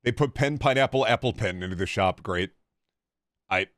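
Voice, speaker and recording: A man's voice: on the low side, normal speed, a bit bright, dry recording, studio quality. A man streaming a game with casual, sarcastic joking commentary.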